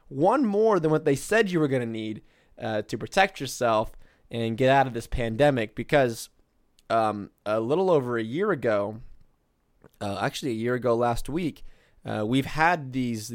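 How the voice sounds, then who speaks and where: A podcast co-host with a mid-range voice and lively intonation speaks at a measured pace in studio-quality audio with no echo. He rambles through casual political chat, using many fillers.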